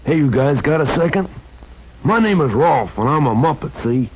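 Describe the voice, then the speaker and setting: A man voicing a friendly puppet dog pitching a toy, chatty and a bit flustered. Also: expressive, normal speed, a little mellow, husky. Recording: dull lo-fi vintage TV audio.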